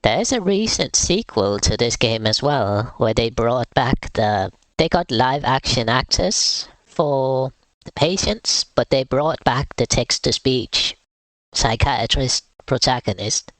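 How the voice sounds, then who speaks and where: A man's voice: medium pitch, animated, slow pace, fairly bright tone, no room sound. A man streaming a game live, with casual, wry, rambling commentary.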